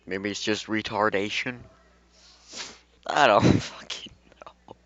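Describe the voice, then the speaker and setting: A man's voice: lowish voice, steady tone, slow, a bit bright, no room sound. A man reading fan fiction aloud in a casual way, breaking off into rambling, swearing asides. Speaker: fan fiction reader and YouTuber. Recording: dull, dry home recording.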